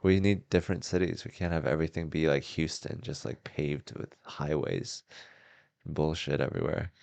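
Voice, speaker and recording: A man's voice: extremely low pitch, normal speed, vocal fry, darkish tone, clear, resonant tone, dry recording. A man hosting a casual podcast chat from a house, laid-back and wry, swearing freely. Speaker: podcast host.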